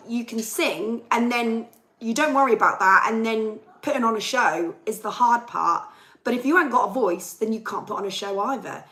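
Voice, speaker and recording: A woman's voice: medium pitch, a bit bright, poor audio. Chatty woman, a bit chesty. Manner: chatty, ranting, reads viewer comments aloud. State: chesty, losing her voice. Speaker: livestream host and singer. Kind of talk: casual live chat with viewers.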